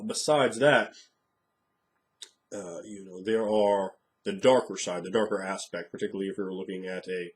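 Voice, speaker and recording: Frank rambling male game master. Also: lowish voice. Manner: frank, rambling, thinking aloud. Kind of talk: casual monologue.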